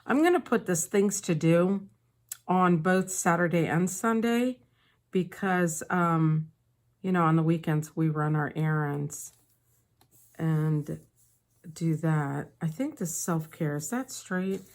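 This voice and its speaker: A woman chatting casually while decorating her planner, telling a story with soft asides. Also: lowish voice, takes it slowly. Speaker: planner vlogger. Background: faint paper crinkling and sticker sounds.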